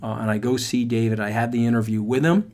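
At a quick pace and with a mid-range voice, a middle-aged man hosting a podcast tells a motivational story. He's animated and emphatic, speaking straight to his listeners.

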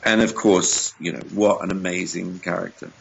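A man from England talking as a guest actor in a casual interview, playful and animated as he tells stories. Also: low voice, moderate pace, gravelly, breathy edge, lo-fi sound.

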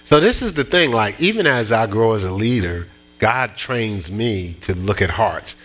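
A bright-voiced man preaching. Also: lowish voice, animated, moderate pace. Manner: personal storytelling, with frequent restarts and rising emotional emphasis. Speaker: pastor. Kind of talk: sermon.

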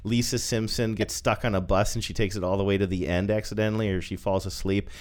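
Man talking casually in a low voice. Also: little pitch movement, fast talker. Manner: hesitant, thinking aloud with fillers. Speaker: podcast co-host. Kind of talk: casual chat.

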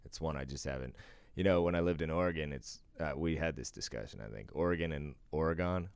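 A man's voice: very deep voice, quick pace, gravelly, darkish tone, clear, resonant tone, no echo. A middle-aged man co-hosting a casual podcast chat, laid-back, swearing freely and laughing often. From eastern US. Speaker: podcast co-host.

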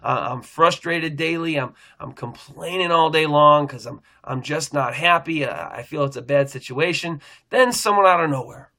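Earnest, bright-voiced middle-aged pastor. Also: male voice, mid-range voice. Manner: earnest, rambling storytelling with frequent restarts. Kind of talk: personal faith testimony.

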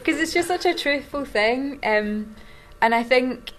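A woman's voice: sits high, expressive. A woman with a Glaswegian accent, an actor chatting in a press interview, laughing often. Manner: laughing, chatty, quick-witted. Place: small room.

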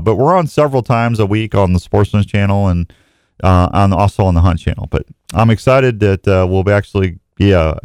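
A man hosting an outdoors show in casual live chat, talking in a folksy, excitable, rambling way. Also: lowish voice, clean tone, no room sound.

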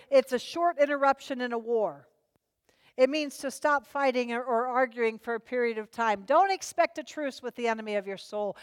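Woman preaching hard then dropping quiet, smooth clear voice, big hall echo. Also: a little high, clean studio sound. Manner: impassioned preaching, swinging from loud to hushed. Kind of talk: sermon. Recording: long hall reverb.

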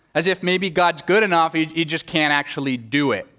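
Speaking at a moderate pace in a somewhat bright, higher voice, this pastor delivers an earnest sermon. He tends to stammer through repeated words at the start of thoughts and acts out quoted speakers.

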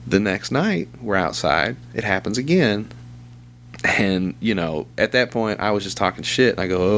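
A man's voice: fairly low pitch, lively intonation, moderate pace, a bit bright, slight background noise. A man telling crude, rambling stories in casual chat, swearing and laughing often. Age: young adult to middle-aged, father of a two-year-old.

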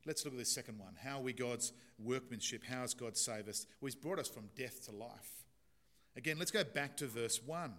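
A man's voice: medium pitch, moderate pace, a bit bright. A man preaching a sermon in an earnest, emphatic way, illustrating points with a story.

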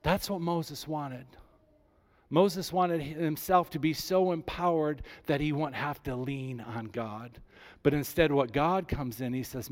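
Man preaching with dynamic swings. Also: takes it slowly. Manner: dynamic preaching, dropping low and soft for God's words. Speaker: pastor. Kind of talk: sermon.

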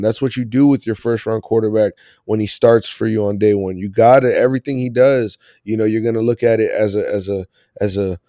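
A man hosts a casual sports podcast with a mellow, warm voice. He rambles loosely and laughs often. The sound is dry and close. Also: on the low side, fairly even intonation, fairly quick, no echo. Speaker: podcast host.

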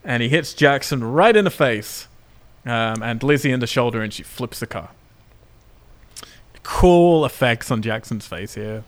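A man recaps a film plot in a relaxed podcast chat. He sounds excited and laughs as he goes. His pitch sits in an ordinary middle range for a man. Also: measured pace. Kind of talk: casual chat.

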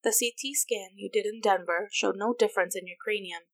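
A woman voicing a matter-of-fact male doctor giving clinical, even explanations. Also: medium pitch, brisk, no room sound, natural voice.

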